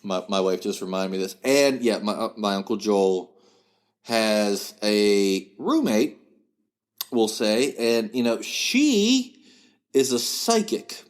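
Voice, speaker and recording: A man's voice: lowish voice, lively intonation, slow pace. Chuckling man with a West Virginian drawl. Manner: chuckles as he tells stories, acts out relatives' voices. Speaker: podcast guest. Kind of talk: casual storytelling chat.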